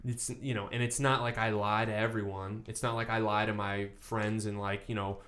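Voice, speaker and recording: A man's voice: lowish voice, flat delivery, moderate pace, a bit bright. A young man telling loose, laughing stories with lots of fillers as a podcast guest. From Michigan. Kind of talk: casual chat.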